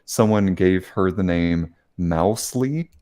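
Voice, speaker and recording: A man's voice: deep voice, takes it slowly, mellow. A man co-hosting a podcast in casual chat, giggly and rambling with many fillers. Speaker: podcast co-host.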